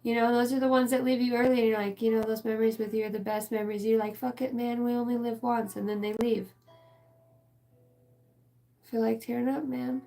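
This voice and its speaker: A woman's voice: fairly high pitch, level tone, brisk, vocal fry, mellow. A woman giving a casual channeled spiritual reading, rambling and emotional, swearing freely.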